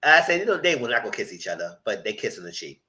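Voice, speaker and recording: Animated man with a bright voice. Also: quick pace. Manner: animated, breaks into high shrieks and laughter when excited; acts out quoted lines in voices. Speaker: reality TV recapper. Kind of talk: live recap commentary.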